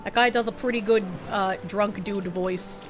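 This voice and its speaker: A woman's voice: mid-range voice, fairly even intonation, normal speed. A woman streamer giving playful, chatty commentary over a game. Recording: game music playing behind.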